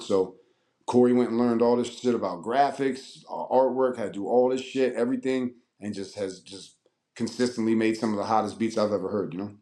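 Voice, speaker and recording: A man's voice: on the low side, fairly quick. Profane storytelling man from Maryland. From Annapolis, Maryland, USA. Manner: profane, animated, acts out quoted voices. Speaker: guest rapper. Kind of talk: casual storytelling interview.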